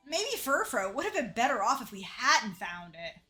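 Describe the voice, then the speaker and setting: A woman giving casual commentary as she plays a game, jokey and self-mocking and quick to laugh. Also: fairly high pitch, big pitch swings, pushed and bright, soft background music. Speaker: let's play streamer.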